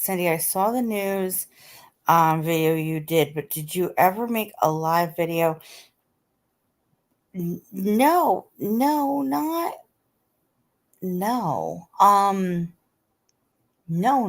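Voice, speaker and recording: A woman's voice: fairly low pitch, expressive, slow pace, pauses often. Chatty woman hosting a live stream. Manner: chatty, repeats herself, reads out viewer comments. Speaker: livestream host. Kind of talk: casual live-stream chat.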